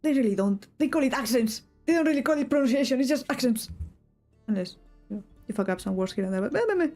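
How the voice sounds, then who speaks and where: A woman's voice: fairly high pitch, fast talker, mellow, soft background music. A young woman from Spain with a Spanish accent, chatting casually to her stream in English while she draws, rambling and breaking off mid-thought with little giggles. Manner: rambling, self-interrupting, giggly asides.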